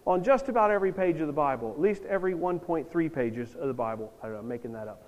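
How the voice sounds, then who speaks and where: A man's voice: on the high side, expressive, fast, few pauses, a little mellow. A jet-lagged pastor preaching a sermon to his church, earnest and swelling into emphatic bursts. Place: church sanctuary. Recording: long reverb of a church hall.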